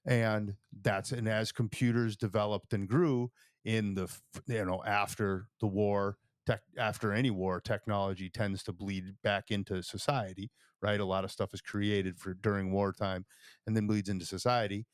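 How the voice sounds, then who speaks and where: Man explaining, a lowish dry voice. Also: level tone, normal speed, clear, resonant tone, no echo. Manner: explains history at length, checking in with "right?". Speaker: podcast co-host. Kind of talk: casual chat.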